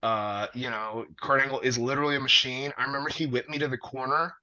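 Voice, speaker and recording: A man, a wrestler, telling a long story in casual conversation, animated and profane with plenty of fillers. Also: medium pitch, fast talker. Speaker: wrestler guest. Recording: dull lo-fi audio.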